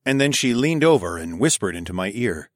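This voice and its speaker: A man reading a first-person story aloud, expressive and sometimes dropping to a whisper. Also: fairly low pitch, fairly quick, no room sound, studio quality. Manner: expressive, shifts into whispers for dialogue. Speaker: audiobook narrator.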